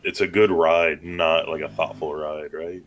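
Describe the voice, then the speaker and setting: Low-voiced guy on a movie podcast, laid-back rambling chat, faint room hum. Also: little pitch movement, unhurried. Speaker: podcast co-host. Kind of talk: casual chat.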